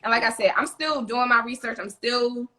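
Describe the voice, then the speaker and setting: A woman co-hosting a casual talk show, her voice bright and a touch high. She speaks with emphatic punch and acts out the voices of the people in her stories. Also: normal speed. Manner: emphatic, animated retelling with quoted voices. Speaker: co-host. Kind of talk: casual chat.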